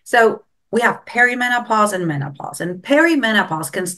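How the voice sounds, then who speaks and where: A woman's voice: fairly high pitch, animated, brisk, pushed and bright. A middle-aged woman speaking as a guest expert in an interview, explaining things earnestly and stressing her key advice.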